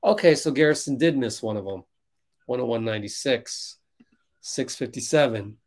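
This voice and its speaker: A man hosting a fan livestream, reacting loudly to a basketball game as it plays and answering viewers in chat. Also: mid-range voice, normal speed. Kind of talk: live basketball watch-along commentary.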